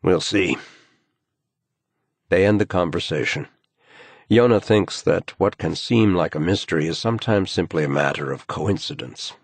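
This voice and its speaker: A man reading a crime thriller audiobook in measured, grave scripted narration. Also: deep voice, slightly rough, no echo.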